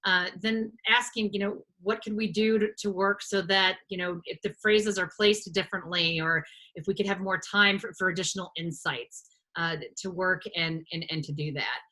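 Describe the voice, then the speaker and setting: A woman's voice: fairly low pitch, steady tone, moderate pace, pushed and bright. A woman presenting a live online workshop on a video call, talking with many fillers and restarts.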